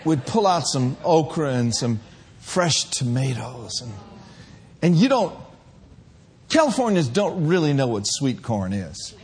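A man from Minneapolis preaching a sermon, playful and animated, sometimes rising to shouts. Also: mid-range voice, measured pace. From Minneapolis, USA.

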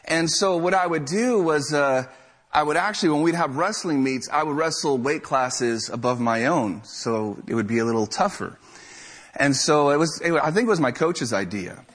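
Young guy with a high voice telling a funny story to a crowd, animated. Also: moderate pace. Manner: animated, self-mocking storyteller. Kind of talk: storytelling talk to a live audience.

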